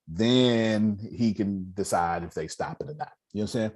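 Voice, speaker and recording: Husky, animated man preaching to a crowd. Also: fairly low pitch, normal speed, few pauses. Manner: preachy, folksy, addresses listeners directly. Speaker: motivational speaker. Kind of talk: lively talk to a live audience.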